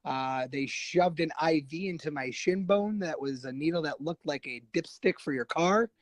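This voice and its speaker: Lively storytelling man, dry close sound. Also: a little high, normal speed, no room sound, rough recording. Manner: animated, profane, acts out quoted voices. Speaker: podcast guest. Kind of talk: casual storytelling.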